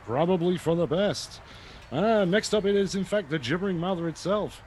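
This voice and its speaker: A man in the commentary booth calls a tabletop arena fight with mock-formal flourish. His voice sits a little high, and a faint hiss runs under it. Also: moderate pace, a little mellow.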